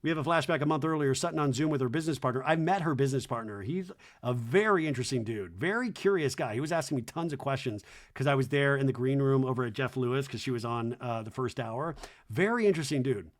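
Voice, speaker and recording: Chatty man with a lively voice. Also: medium pitch, fast talker. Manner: chatty, wry storytelling. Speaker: podcast host. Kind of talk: comedic recap of a reality show.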